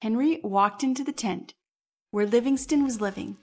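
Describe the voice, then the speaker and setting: A woman hosting a church history podcast, narrating from a script in a measured, explanatory way. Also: a little high, a little mellow, soft background music. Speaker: podcast host.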